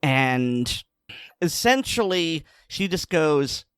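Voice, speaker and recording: A man's voice: on the high side, very animated, extremely slow, a bit bright, smooth, no room sound, clean studio sound. A man co-hosting a podcast, retelling a news story in a casual, sardonic way. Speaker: podcast co-host. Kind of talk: casual chat.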